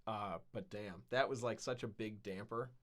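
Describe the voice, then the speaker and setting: There's slight background noise behind this podcast co-host's fairly low voice, which moves at a moderate pace. He rambles casually through a long story, with frequent swearing and fillers.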